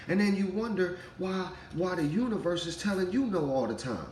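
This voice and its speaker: A man, in his thirties, giving an animated spiritual monologue about parenting and laughing as he acts out voices. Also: high-pitched, normal speed, hardly any pauses, roomy sound, a little hiss or hum, low-quality recording. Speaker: spiritual vlogger, father.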